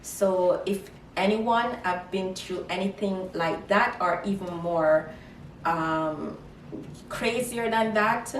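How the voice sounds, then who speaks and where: A woman's voice: medium pitch, slow pace, slight background noise. A woman, telling a casual storytime vlog and animatedly quoting herself in Creole. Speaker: vlogger. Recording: echoey room, mic at a distance.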